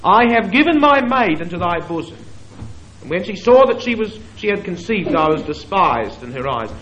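A man preaching a sermon, moving between quiet asides and emphatic, drawn-out scripture quotations. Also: sits high, a little hiss or hum, rough recording. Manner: expressive, swings between hushed asides and emphatic quoting.

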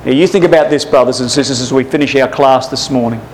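A man's voice: medium pitch, fast, slight background noise, poor audio. A man teaching a Bible class, preaching fervently and pressing listeners with urgent rhetorical questions. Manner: addresses listeners as brothers and sisters.

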